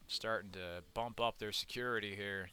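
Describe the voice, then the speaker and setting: A man's voice: fairly low pitch, fairly even intonation, moderate pace, pushed and bright, clean tone. A young man giving rambling, profane let's-play commentary while he plays a game. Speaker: gaming YouTuber.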